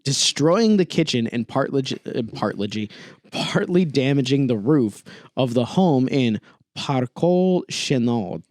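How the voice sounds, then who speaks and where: A male podcast co-host chatting casually, his pitch swinging up and down as he jokes. He breaks into laughter often, and the sound is dry and close. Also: expressive, slow pace, a little mellow, no echo. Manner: laughs often between words. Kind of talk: casual comedic chat, reading news.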